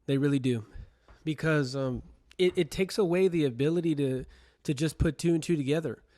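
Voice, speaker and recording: A man's voice: fairly high pitch, a little fast, dark tone. A young man co-hosting a casual podcast, earnestly urging listeners to think for themselves. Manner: earnest, addresses listeners directly. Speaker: podcast co-host.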